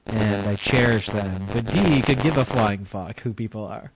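A man's voice: on the low side, normal speed, vocal fry, background noise. A man co-hosting a podcast, teasing and giggling through casual banter. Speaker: podcast co-host.

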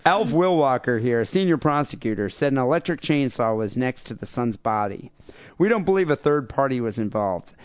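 A man's voice: mid-range voice, animated, moderate pace, dry recording. A man co-hosting a podcast, reading out crime stories and joking crudely about them in a casual chat. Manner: reads news stories aloud with crude jokes. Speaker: podcast co-host. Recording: dull lo-fi podcast audio.

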